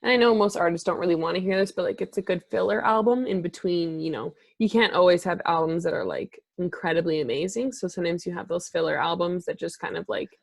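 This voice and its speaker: A woman's voice: fairly low pitch, fast talker, vocal fry, few pauses, no room sound. A woman from Alberta with a Canadian accent, hosting a casual chat and laughing often. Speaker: podcast host.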